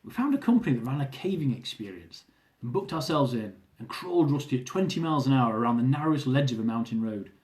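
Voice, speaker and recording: A man reading his own travel memoir aloud in a lively, amused storytelling manner, often chuckling. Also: medium pitch, fast, few pauses, roomy sound.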